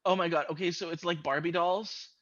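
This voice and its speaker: Podcast host, male, bright edgy tone, giggly storyteller, dull dry recording. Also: on the high side, fairly quick. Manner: laughs often, animated storytelling. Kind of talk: casual chat.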